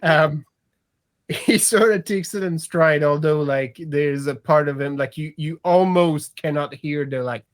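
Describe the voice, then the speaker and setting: A game master narrating a tabletop role-playing game, hesitant and full of fillers. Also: medium pitch. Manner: slow, hesitant, many fillers and laughs.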